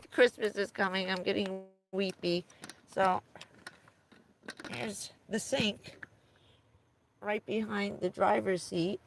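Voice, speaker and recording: This is a chatty woman giving a laid-back livestream tour of her camper van. She speaks at an unhurried pace in a mid-range voice and rambles, filling gaps with "um" and "you know.". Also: medium pitch, gravelly. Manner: rambling, chatty, giggly, with many fillers. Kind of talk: casual livestream chat. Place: inside a small camper van.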